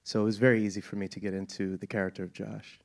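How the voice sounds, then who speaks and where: A man's voice: on the low side, level tone, fast talker, creaky. An American man answering questions as an actor guest on a panel, enthusiastic and laughing, with plenty of fillers. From United States.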